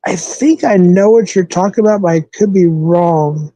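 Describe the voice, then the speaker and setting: A man with a high, mellow voice at normal speed hosts a casual live stream, heard on a dry recording with poor audio. He's from the American Southwest and chats with viewers loosely, rambling with fillers and self-corrections.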